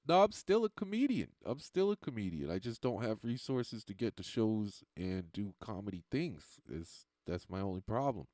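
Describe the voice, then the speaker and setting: Man, low voice, casual livestream chat, rambling, profane, laughs at himself, dry close sound. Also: sing-song, normal speed, few pauses, warm tone, no room sound. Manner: rambling, loose and profane, laughing at his own lines. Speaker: stand-up comedian and livestreamer.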